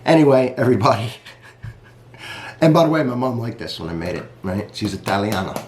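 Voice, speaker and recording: A man's voice: mid-range voice, a little fast, reverberant, background noise. A man reviewing coffee in a casual vlog, chatty and rambling, talking straight to his viewers.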